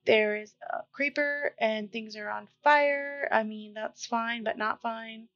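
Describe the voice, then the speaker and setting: A woman's voice: a little high, slow, a bit bright. A woman streaming a video game, talking to herself in casual commentary and startling easily. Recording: dull lo-fi mic with faint music.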